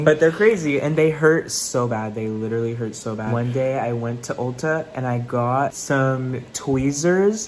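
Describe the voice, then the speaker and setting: A man casually vlogging from his home kitchen, talking in a dramatic, slangy way full of fillers. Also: mid-range voice. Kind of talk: casual chatty vlog. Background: fume hood noise.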